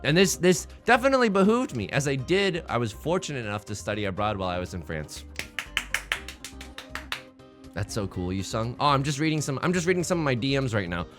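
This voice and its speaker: A man's voice: medium pitch, sing-song, fast talker, hardly any pauses, soft background music. A young man from the United States giving casual, joking commentary while playing a game, rambling to himself and his viewers. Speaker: let's play host.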